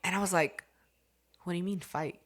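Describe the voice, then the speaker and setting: A young woman on a podcast telling a story in casual, profane chat, acting out quotes with big jumps in loudness. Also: lowish voice, fairly quick. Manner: animated, profane, acts out quotes loudly. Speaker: podcast host.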